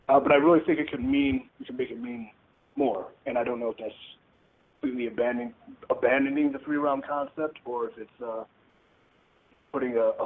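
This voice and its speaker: Male wrestler, press call, animated and dry-humored, tinny phone with faint hiss. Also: mid-range voice. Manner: candid and wry, joking about himself. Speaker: pro wrestler on a media conference call. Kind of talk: answering reporters' questions on a call. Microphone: telephone.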